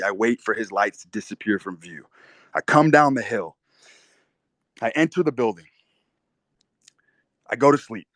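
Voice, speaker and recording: A man's voice: medium pitch, fairly bright tone, no echo. Dry, profane young man telling a story. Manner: intense, profane, vivid storytelling. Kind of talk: first-person storytelling monologue.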